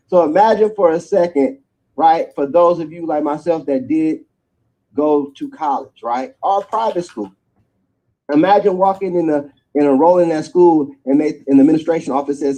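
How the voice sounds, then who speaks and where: A man giving an energetic sales pitch for a network marketing business, checking in with his listeners after almost every point. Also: moderate pace, rough recording. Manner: energetic preacherly pitch, tag questions after each point.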